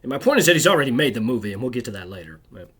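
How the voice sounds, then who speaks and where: A man's voice: mid-range voice, big pitch swings, racing, fairly bright tone, husky. A man telling a rambling, bitter personal story to camera, agitated and constantly tagging his sentences with "right?". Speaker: video creator.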